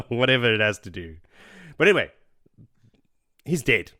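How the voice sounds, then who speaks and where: A man co-hosting a book podcast, recapping chapters in casual chat and acting out characters' lines in quick voices. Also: mid-range voice, big pitch swings, sharp tone. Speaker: podcast co-host.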